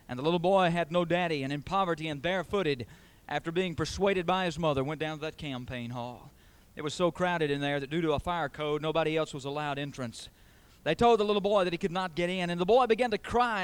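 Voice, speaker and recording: Pastor guy preaching, kinda high voice, hammers points with repeated lines. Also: a little fast, clear, resonant tone. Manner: emphatic, builds through repeated phrases. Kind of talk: sermon.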